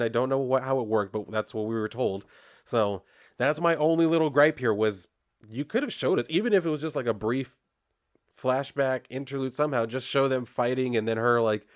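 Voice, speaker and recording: Chatty young man reviewing a comic. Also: mid-range voice. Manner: chatty, rambling, lots of "like" and restarts. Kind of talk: casual comic review, reading dialogue aloud.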